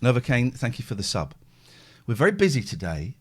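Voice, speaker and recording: A man's voice: medium pitch, brisk, husky. A middle-aged man hosting a live stream, telling a story in casual chat and acting out the phone calls. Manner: animated storyteller, acts out phone calls, thanks subscribers. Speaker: host.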